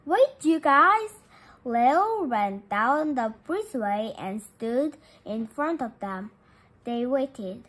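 A woman reads a children's story aloud, her high voice bouncing up and down with lots of expression. She takes it slowly and carefully, with a bright, clear tone. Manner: lively, expressive read-aloud with small slips. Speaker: storybook reader. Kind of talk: reading a children's chapter book aloud.

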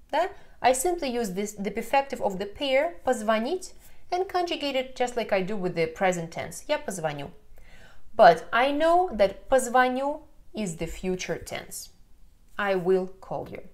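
Russian-accented female tutor, patient explainer, online lesson. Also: a little high. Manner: patient explaining, frequent checking "да?". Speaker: language teacher.

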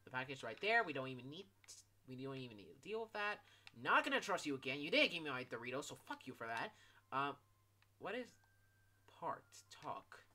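A young man doing gameplay commentary, animated, profane and full of jokes, with sudden shouts. His pitch swings widely and his tone is very bright and sharp. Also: a little fast. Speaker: gaming YouTuber.

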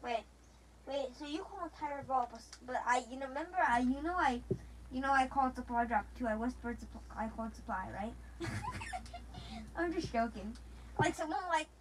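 High-voiced rambling young female gamer. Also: brisk, noisy background. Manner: rambling, restarts, playful teasing. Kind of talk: casual chat while gaming.

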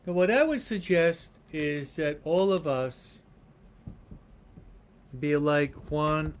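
A man preaching a homily to viewers following online, his voice sitting a little high for a man. He speaks very slowly, repeating rhetorical questions one after another. He often pauses and restarts his sentences as he goes. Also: expressive, slight background noise. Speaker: priest. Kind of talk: livestreamed homily.

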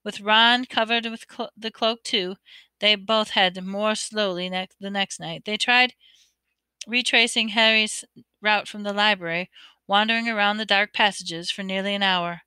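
Bright, crisp woman reading aloud. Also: medium pitch, a little slow, no room sound. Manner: expressive reading with occasional stumbles. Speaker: audiobook reader. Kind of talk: amateur audiobook narration.

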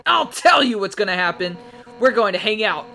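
A woman's voice: mid-range voice, lively intonation, normal speed, vocal fry, bright, forceful tone, voice pushed up. A woman voicing a fierce, hot-tempered female fish warrior who talks in a brash, boastful way.

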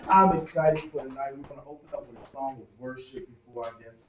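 A male pastor leads prayer and rallies a youth crowd, his voice carrying from away from the mic. The conference room rings with echo, and the sound is dull. His pitch sits in a middle range. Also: quick pace, fairly bright tone, recorded from a distance, slight background noise. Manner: rallying, calls out to the crowd. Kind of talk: leading prayer and introducing a speaker. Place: conference room used as a sanctuary.

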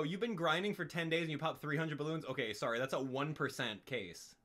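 A man giving live commentary on a game stream, excitable and exclaiming as he rants in frustration. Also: a little high, brisk, few pauses.

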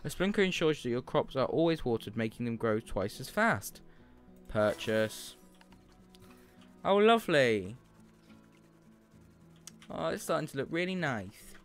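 A man's voice: mid-range voice, sing-song. Upbeat young man streaming a game. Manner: upbeat, chatty and quick to swear. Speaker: streamer and host. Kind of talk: casual gameplay commentary. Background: faint game music.

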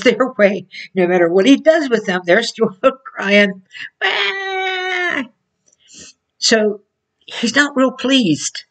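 Woman, informal sermon, slow storytelling, husky gravelly voice, far from the mic. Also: medium pitch. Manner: slow storytelling, laughs often between phrases. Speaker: Christian teacher.

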